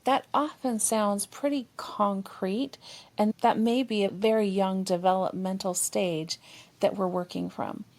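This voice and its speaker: A woman's voice: medium pitch, a little slow. A woman therapist, a guest on a podcast, explaining expressively and sometimes acting out what partners think. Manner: expressive, explanatory, acts out partners' inner voices. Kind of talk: conversational podcast discussion.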